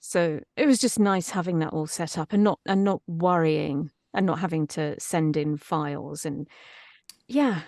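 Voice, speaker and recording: A woman's voice: deep voice, a little slow, a little mellow, dry recording, studio quality. A woman, a voice actress chatting in an interview in a chatty, self-deprecating way. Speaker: voice actress guest. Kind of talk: casual interview chat.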